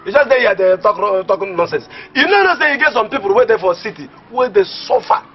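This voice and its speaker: A man's voice: sits high, animated, brisk, faint music behind. A man playing a teasing village friend with a Nigerian Pidgin accent. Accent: Nigerian Pidgin English. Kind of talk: comedy film acting. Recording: muffled film audio.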